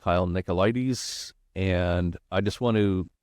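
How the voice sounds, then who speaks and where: A man hosting a podcast interview, speaking haltingly with "uh" fillers as he steers the talk. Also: low voice, a little mellow, clear, resonant tone, no echo, clean studio sound. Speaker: podcast host. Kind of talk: interview host.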